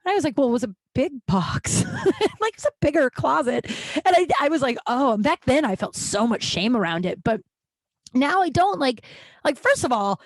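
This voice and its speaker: High-voiced woman, dry close sound. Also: very animated, normal speed, no echo. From Denver, USA. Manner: profane, rambling, laughs at her own stories. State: runny nose. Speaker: podcast host. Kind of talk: casual comedic storytelling.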